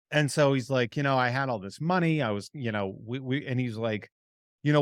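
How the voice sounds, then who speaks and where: A man co-hosting a podcast, recapping a film in an animated way, swearing freely and voicing the characters' lines. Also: brisk, dry recording, studio quality. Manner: animated, jumps into high pitch for quoted characters, swears freely. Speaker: podcast co-host. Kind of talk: casual chat recapping a film.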